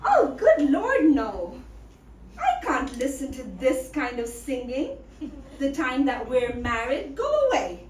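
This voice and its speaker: A woman's voice: on the high side, sing-song, slow, darkish tone, far from the mic, voice pushed down. A woman voicing a vain, choosy young female cockroach who brushes off her suitors in a prim, dismissive way. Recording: echoey room, voice from afar, noise.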